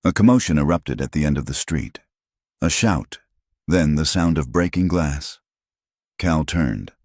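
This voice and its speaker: A man with an extremely deep, low voice narrates a western audiobook. His delivery is measured and even, recorded close and completely dry. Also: no echo.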